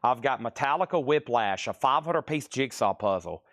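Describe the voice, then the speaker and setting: Man, live sale host, rapid-fire patter, playful pitches, mid-range voice, dry room. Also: animated, a bit bright, no echo. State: out of breath. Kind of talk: live-stream auction patter.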